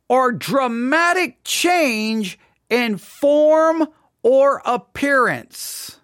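Rambling in a casual way, a podcast host repeats words and asks listeners rhetorical questions. The voice is mid-range with a fairly bright tone, recorded dry with clean studio sound.

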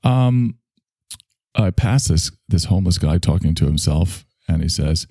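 A man's voice: deep voice, animated, unhurried, mellow, dry recording, clean studio sound. A man, a spiritual teacher, telling a rambling, digressive story in a casual monologue, swearing now and then.

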